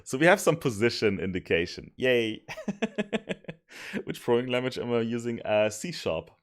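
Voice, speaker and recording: A man streaming while he codes, thinking aloud, mocking his own mistakes and sometimes yelling happily. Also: mid-range voice, fairly quick. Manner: thinks aloud, self-mocking, bursts of excited yelling and laughter. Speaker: streamer coding a simulation tool. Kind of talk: casual live coding commentary.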